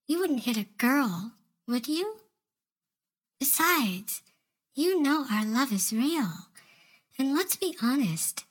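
A woman voicing an obsessive, manipulative young female office intern in an audio role-play monologue, sugary and coy with soft whispered asides. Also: sits high, slightly rough, heavily acted.

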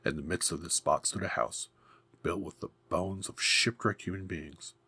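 A man reading a fairy tale aloud in a measured, grave storybook narration. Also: sits low, fairly even intonation, bright, forceful tone, husky.

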